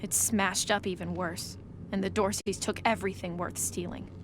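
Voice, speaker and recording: A woman's voice: mid-range voice, fairly even intonation, moderate pace, natural voice. An actress playing a young woman in a game who has lost her family, speaking in a subdued, matter-of-fact way. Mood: somber. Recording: noisy game audio.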